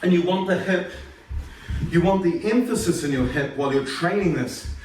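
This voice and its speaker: A karate instructor teaching an informal lesson at home, explaining technique and counting repetitions aloud in sharp calls. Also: male voice, high-pitched, moderate pace, slight background noise. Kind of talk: informal martial arts lesson. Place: home training room. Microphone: phone camera across the room. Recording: distant phone mic in an echoey room.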